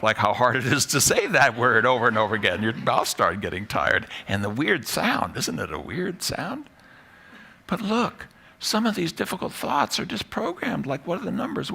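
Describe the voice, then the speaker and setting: A man's voice: mid-range voice, big pitch swings, moderate pace, gravelly, sharp tone. A man, a psychology professor, giving a live talk to an audience in a playful, self-mocking way. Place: stage before a live audience.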